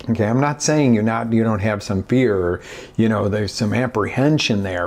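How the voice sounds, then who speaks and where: A man's voice: fairly low pitch, normal speed. A man talking as a motivational life coach in a live video, acting out little scenes with big jumps in his voice. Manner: animated, acts out scenarios with big voice inflections. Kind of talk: motivational talk.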